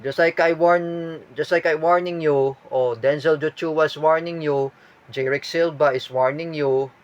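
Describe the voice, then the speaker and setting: Filipino man vlogger, slow halting delivery, slightly raised pitch, dull lo-fi sound. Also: steady tone. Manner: halting, many fillers and restarts. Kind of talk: personal video statement.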